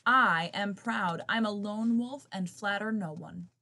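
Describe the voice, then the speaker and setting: Woman doing a haughty lone wolf. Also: medium pitch. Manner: loud, slow, haughty.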